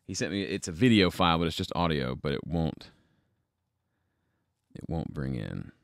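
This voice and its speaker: A man's voice: extremely low pitch, big pitch swings, moderate pace, gravelly, no echo. A man hosting a casual livestream from his home studio, rambling and thinking aloud as he troubleshoots, with self-deprecating asides. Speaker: livestream host.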